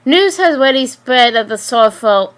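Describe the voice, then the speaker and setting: A woman reading her own story aloud, halting, with frequent restarts and slips. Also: high voice, animated.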